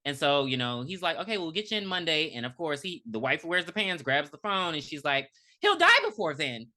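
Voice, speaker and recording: Lively woman podcast co-host. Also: sits low, brisk. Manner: animated retelling with lots of fillers and laughs. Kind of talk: casual movie review chat.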